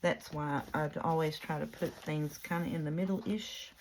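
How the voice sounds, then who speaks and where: A woman's voice: low-pitched, fairly even intonation, moderate pace, a little mellow, a little hiss or hum. A woman chatting casually while she works on a junk journal, rambling with many fillers and restarts. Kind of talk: casual chat while crafting.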